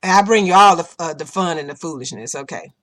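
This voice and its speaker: A woman hosting a podcast in casual opinion-show style, talking bluntly and profanely and telling animated stories. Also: lowish voice, brisk. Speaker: podcast host. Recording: podcast recording.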